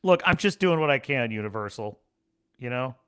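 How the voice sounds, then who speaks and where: Animated, bright-voiced male streamer. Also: mid-range voice, normal speed, clear, resonant tone. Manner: animated, rambling, laughs often. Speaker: livestream show host. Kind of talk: casual livestream chat.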